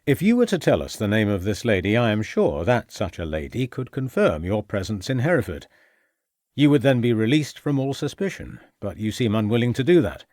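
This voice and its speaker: A man's voice: on the low side, big pitch swings, a little fast, a little mellow, no room sound, studio quality. A man playing a stern, probing police inspector. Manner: probing, dryly mocking. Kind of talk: audiobook character reading.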